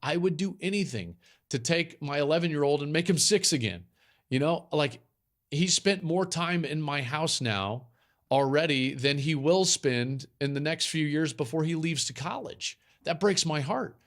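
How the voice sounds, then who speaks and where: A man's voice: fairly high pitch, moderate pace, fairly bright tone. A man hosting a football podcast, talking in a casual, emphatic way and repeating his points for effect. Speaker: podcast host. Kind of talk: casual chat.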